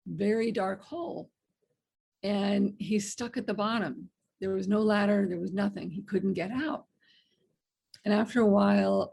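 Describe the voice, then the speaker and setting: Gravelly-voiced woman telling a story. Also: medium pitch, a little mellow. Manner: earnest, tells stories with restarts. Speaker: guest author. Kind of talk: podcast interview storytelling.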